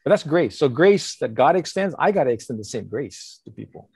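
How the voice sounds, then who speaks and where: An older man talks as a pastor giving counsel, earnest and animated, slipping into acted-out quotes. His voice is gravelly and a bit husky, and it sounds dry and close to the mic. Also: mid-range voice, a little fast, no echo. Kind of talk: casual conversational counsel.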